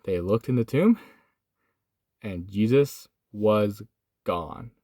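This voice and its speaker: A young man recording in his van, casually retelling a Bible story, swinging from excited to hushed and solemn. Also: lowish voice, slow, no room sound, clean studio sound. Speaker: host. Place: inside a van.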